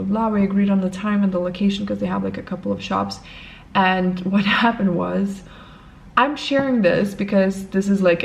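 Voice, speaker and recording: A young woman talks casually to her camera in a vlog, with a gravelly, fry-laden edge to her voice. She tells her story with animation, putting on the other people's lines as she goes. A faint hiss of noise sits under the recording. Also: medium pitch, low-quality recording. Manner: animated storyteller, acts out both sides of a conversation. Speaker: lifestyle vlogger.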